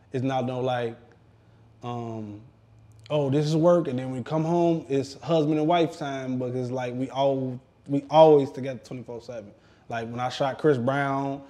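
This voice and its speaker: A man in his thirties, an interview guest, chatting casually and rambling with lots of fillers while getting used to new dental work in his mouth. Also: medium pitch. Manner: relaxed, rambling, heavy use of "like". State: talking around brand-new dental work. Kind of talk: casual chat.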